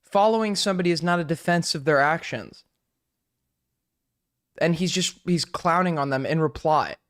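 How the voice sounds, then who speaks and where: Male streamer, fairly high voice, argumentative live reaction, filler-heavy. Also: animated, normal speed, fairly bright tone.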